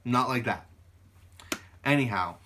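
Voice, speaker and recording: Bright-voiced young man telling stories. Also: mid-range voice, slow, slight background noise. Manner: animated, swears freely, acts out quoted arguments. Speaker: YouTuber. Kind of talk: casual storytelling.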